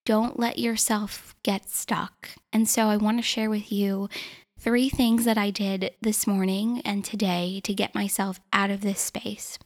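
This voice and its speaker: A woman's voice: mid-range voice, little pitch movement, unhurried. A woman in her twenties hosting a solo podcast episode, talking earnestly and encouragingly to her listeners. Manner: earnest, encouraging, self-reflective. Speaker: podcast host.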